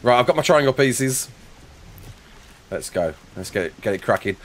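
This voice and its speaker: A man's voice: mid-range voice, animated, moderate pace. A man streaming a game live, chatting and joking with viewers, laughing often, on a headset mic. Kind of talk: live gameplay chat.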